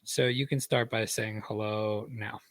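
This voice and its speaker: A man hosting a podcast, chatting casually and leading a demo with relaxed, halting speech. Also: lowish voice, no room sound. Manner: relaxed, trails off with fillers and laughs. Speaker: podcast host. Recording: dry headphone-monitored mic.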